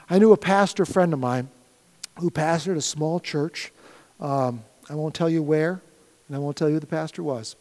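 A middle-aged man preaching a sermon as pastor of his church, swinging from loud shouted appeals down to soft, quiet prayer. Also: fairly high pitch. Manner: builds to loud shouted pleas, then drops to soft prayer. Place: church sanctuary. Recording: long hall reverb.

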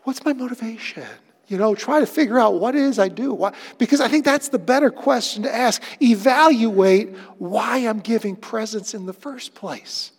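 A man preaching a sermon, with a conversational, animated storytelling manner. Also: very high voice, moderate pace, breathy edge, long reverb tail. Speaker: pastor.

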